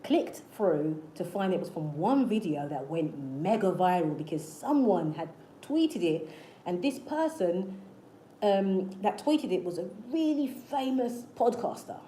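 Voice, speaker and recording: Earnest woman coaching, mellow voice. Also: lowish voice, animated, a little slow, a little hiss or hum. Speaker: manifestation channel host. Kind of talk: casual motivational talk to camera. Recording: echoey room with faint ambience.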